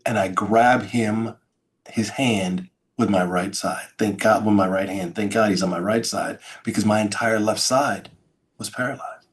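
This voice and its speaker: A man's voice: fairly low pitch, a little slow. A middle-aged man telling his story as an interview guest, acting out sounds and quoted lines with dramatic flair. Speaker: podcast guest, keynote speaker.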